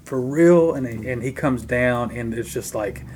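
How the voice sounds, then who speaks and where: A middle-aged man tells band stories in a relaxed interview, at a medium pitch. He talks with lively animation and slips into voices for the people he quotes. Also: normal speed, a little hiss or hum. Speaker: guest musician, drummer. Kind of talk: casual interview storytelling.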